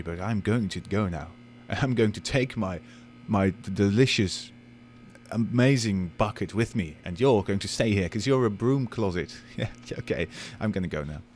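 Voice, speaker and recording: A man's voice: fairly low pitch, darkish tone, slight background noise. A man playing a video game, chatting casually and jokily and talking to objects in the game. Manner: playful, jokey, talks to objects in the game. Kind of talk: casual let's-play commentary.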